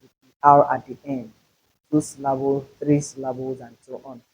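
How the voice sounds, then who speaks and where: A male teacher giving a slow, deliberate pronunciation lesson, repeating example words to show stress. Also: medium pitch, little pitch movement, breathy edge, poor audio. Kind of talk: classroom-style pronunciation lesson.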